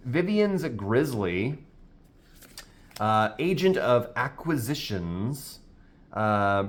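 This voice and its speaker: Casual male co-host, slow and hesitant, pitch rising and falling a lot. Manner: slow, hesitant reading of card names with many "uh"s. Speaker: co-host opening card packs. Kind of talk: casual card opening chat.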